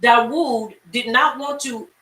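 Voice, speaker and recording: Bright-voiced woman teaching scripture. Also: fairly high pitch, takes it slowly. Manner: lively storyteller, talks straight to the class. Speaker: Bible class teacher. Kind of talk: animated Bible-study teaching. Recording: echoey room, far from mic.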